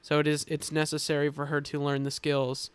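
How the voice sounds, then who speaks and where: A man on a casual podcast, explaining characters in a halting, thoughtful way with many filler pauses. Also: a little high, completely flat delivery, clean tone, no room sound. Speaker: game designer explaining characters.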